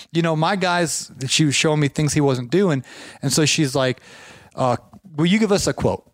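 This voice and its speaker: A man who runs a lawn care business, telling rambling, animated anecdotes in casual chat. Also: a little high, dry recording, clean studio sound.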